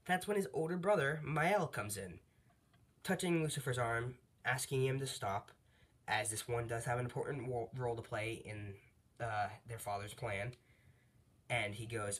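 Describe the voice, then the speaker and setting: A man telling a fan story off the cuff, full of fillers, asides and quick corrections. His voice is husky and ordinary in pitch. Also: a bit bright. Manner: rambling, with fillers and laughs. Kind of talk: casual fan story narration.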